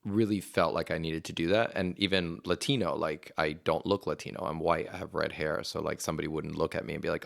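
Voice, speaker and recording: A man's voice: rumbling low, level tone, brisk, vocal fry, hardly any pauses, fairly bright tone, no room sound, clean studio sound. A young adult man from Venezuela, a guest talking casually in an interview, rambling with lots of fillers. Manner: chatty, rambling storyteller with many fillers. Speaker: actor and podcast guest.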